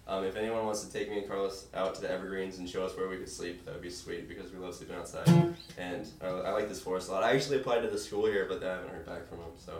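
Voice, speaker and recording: A man's voice: sits low, steady tone, racing. A young man with a stuffy, nasal voice from allergies, rambling between songs at a small live show. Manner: rambling, filler-heavy, self-deprecating. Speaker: singer-songwriter. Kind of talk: casual live performance banter. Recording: roomy live sound from far off with guitar.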